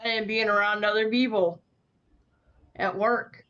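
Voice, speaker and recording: A guest in a casual live-stream chat who talks haltingly and keeps restarting sentences. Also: medium pitch, flat delivery, bright, forceful tone, clean tone. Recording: dull lo-fi stream audio.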